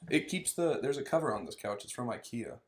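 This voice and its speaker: A man hosting a casual podcast from a couch, teasing his guest with deadpan jokes. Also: mid-range voice, brisk. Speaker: podcast host. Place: living room couch. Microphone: podcast microphone.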